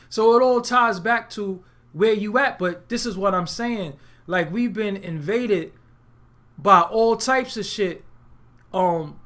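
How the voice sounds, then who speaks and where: A man's voice: sits high, bright, forceful tone. A man from Brooklyn, hosting an unscripted webcast monologue, talking in a profane, streetwise and emphatic way. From Brooklyn, New York. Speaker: webcast host.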